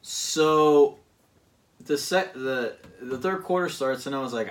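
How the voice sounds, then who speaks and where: Halting, rambling man a bit off-mic. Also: mid-range voice, expressive, far from the mic. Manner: rambling, halting with many fillers. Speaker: podcast guest recounting a video game season. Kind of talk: casual chat.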